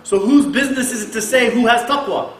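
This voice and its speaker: A man delivers an animated mosque sermon with a fairly high voice. He poses rhetorical questions and recites Arabic verses between his points. The echoey room carries a faint background hum. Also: brisk. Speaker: mosque speaker.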